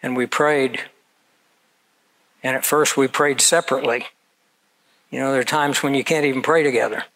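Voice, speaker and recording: A man's voice: mid-range voice, steady tone, normal speed, long pauses, a bit bright, low-quality recording. A man in his seventies preaching a sermon, telling personal stories in an earnest, conversational way. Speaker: pastor.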